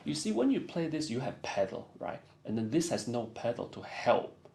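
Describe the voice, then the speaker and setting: A man's voice: mid-range voice, sing-song, moderate pace, gravelly, a little mellow. A man giving a one-on-one piano lesson, coaching and singing phrases in syllables. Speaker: piano teacher.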